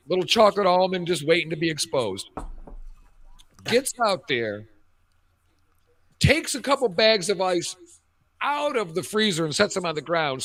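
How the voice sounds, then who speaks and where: A man in his fifties co-hosting a talk show, telling crude stories in casual chat over a cheap headset. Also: high-pitched. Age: 50s. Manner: animated storytelling, crude jokes. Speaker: radio show co-host.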